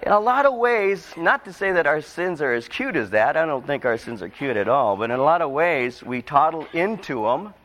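A male preacher with a slightly high voice delivers a sermon in a big echoing hall. He moves from an easy storytelling tone to earnest, pleading cries, then drops to a hush. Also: lively intonation, moderate pace, few pauses. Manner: storytelling, rising to emotional pleas then dropping quiet. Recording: long hall reverb.

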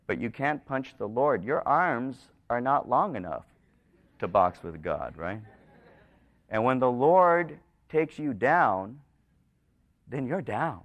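Animated male preacher telling a story. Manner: storytelling, animated, rising in pitch for emphasis. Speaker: pastor. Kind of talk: sermon.

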